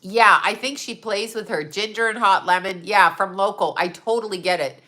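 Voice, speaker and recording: A woman's voice: medium pitch, moderate pace, pushed and bright. A woman in her fifties with a stuffy nose, hosting a casual livestream chat, talking freely and with a lot of swearing, often laughing as she answers her viewers. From Utah. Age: 50s. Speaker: psychic medium host.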